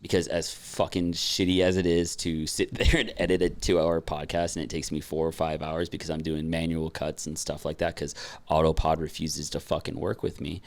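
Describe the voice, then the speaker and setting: Deep-voiced podcast guy, casual chat, lots of swearing and ums. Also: flat delivery, moderate pace, hardly any pauses. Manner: loose and profane, frequent fillers. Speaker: podcast co-host.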